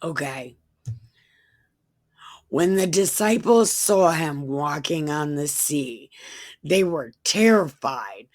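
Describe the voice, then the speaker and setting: Woman, deep and unhurried; deadpan comic scripture reader with crude asides. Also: no room sound. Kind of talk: irreverent comedic Bible reading.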